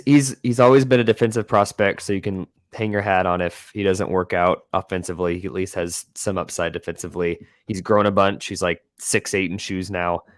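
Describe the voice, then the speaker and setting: A man's voice: deep voice, dry recording, clean studio sound. A man on a sports podcast panel, matter-of-fact as he lists a prospect's strengths. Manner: matter-of-fact, listing points. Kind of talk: casual sports podcast chat.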